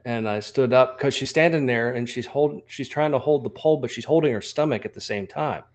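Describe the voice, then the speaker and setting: A man co-hosts a casual podcast. His voice sits at an ordinary middle pitch. He answers briefly, then tells a plain story in an easy, conversational way. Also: fairly quick. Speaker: podcast co-host. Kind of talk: casual chat.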